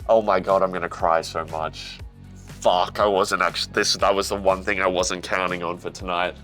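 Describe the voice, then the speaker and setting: A young man with an Australian accent, excitedly reacting to a manga, swearing often and calling things crazy. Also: low-pitched, normal speed, faint music behind. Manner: excitable, swears, says "bro" a lot. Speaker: manga reaction channel host.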